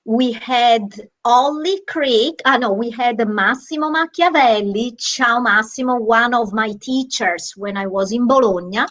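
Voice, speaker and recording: A woman's voice: fairly high pitch, measured pace, few pauses, fairly bright tone. Enthusiastic Italian woman co-host. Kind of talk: casual interview chat. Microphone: video call.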